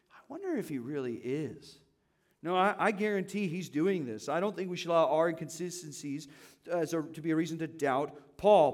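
A man with a fairly high voice delivers a sermon to his church. He talks in a relaxed, conversational way. He keeps asking the congregation questions as he teaches. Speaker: pastor.

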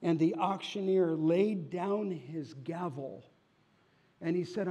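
A man preaching a sermon, telling a story slowly and rising in volume for its dramatic moments. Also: slightly rough. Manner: tells a story slowly, rising loud and high for shouted voices. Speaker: pastor.

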